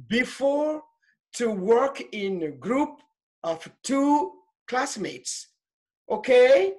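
Slow, animated woman teaching French. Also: a little high. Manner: slow and patient, repeating phrases, mixing French and English; halting, with fillers and restarts. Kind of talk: online class lesson.

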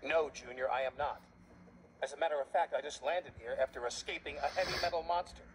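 A man's voice: on the high side, fast talker, a little hiss or hum, close to an everyday voice, rough recording. A man voicing a weary, flustered magical train conductor in a fan dub. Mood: grumbling. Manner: flustered, grumbling. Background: music.

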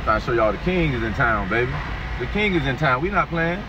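Brisk and animated, with a medium-pitched voice, this drag racer films a vlog at the strip, bragging over and over and mocking his rival in excited, casual speech. The sound is distant and dull, lo-fi with a faint hiss.

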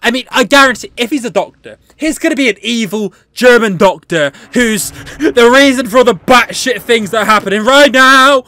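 Speaking at a normal pace in a fairly high voice, a gaming channel host plays a horror game. She gets jumpy, jokes and laughs a lot, curses freely, and answers back to the characters on screen.

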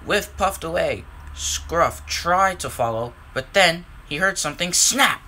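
A man narrating a storybook tale and dropping his voice low for the speech tags. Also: takes it slowly, hardly any pauses, pushed and bright.

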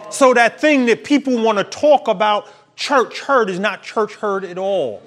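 A man's voice: high voice, a little slow, a bit bright. A male pastor preaching a sermon with emphatic, preachy delivery and laughing at his own points.

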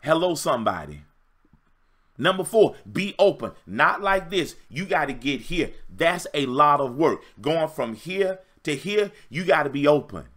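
Man, livestream dating coach, preacher-style call and response, fairly high voice, emphatic, repetitive. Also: big pitch swings, measured pace, fairly bright tone. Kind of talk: livestream motivational talk.

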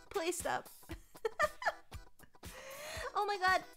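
Very high-voiced woman streamer. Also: gravelly, pushed and bright. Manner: reads out long lists of supporter names, with dramatic outbursts. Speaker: VTuber streamer. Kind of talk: live game stream chat.

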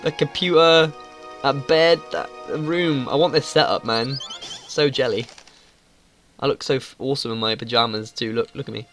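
A man recording casual let's-play commentary as a gaming YouTuber. He is excitable and swears freely. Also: mid-range voice, normal speed, faint music behind.

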